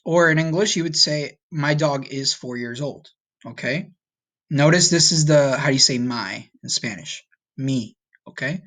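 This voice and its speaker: A man's voice: a little high, a bit bright. Patient man teaching a recorded lesson. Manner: patient, checks in with "okay?"; speaks slowly for learners to repeat. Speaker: Spanish teacher.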